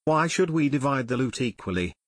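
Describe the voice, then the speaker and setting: A man voicing a gruff, greedy adult thief in an audiobook. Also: mid-range voice, animated, fairly quick, dry recording, clean studio sound, close to an everyday voice. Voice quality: growling.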